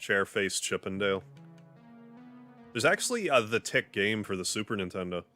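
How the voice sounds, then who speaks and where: A man's voice: on the low side, expressive, moderate pace, bright, forceful tone, faint music behind. A man streaming a video game live, talking casually and rambling with lots of "like" as he plays and chats with viewers. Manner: rambling, chatty, heavy use of "like". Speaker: gaming livestreamer. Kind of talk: casual live commentary while playing a game. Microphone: desk microphone.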